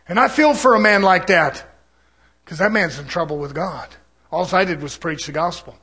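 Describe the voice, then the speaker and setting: A high-pitched man preaches to his congregation in a folksy, joking way. He drops into soft, laughing asides, then climbs into loud, fervent exhortation. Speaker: pastor. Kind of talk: folksy sermon.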